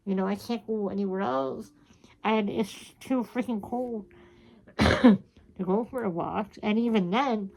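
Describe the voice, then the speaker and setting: Woman, thirties, vlogger; gravelly, rambling, frustrated, cusses often. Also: medium pitch, a little mellow, rough recording. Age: 30s. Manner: rambling, frustrated, swears freely. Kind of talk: casual diary-style chat.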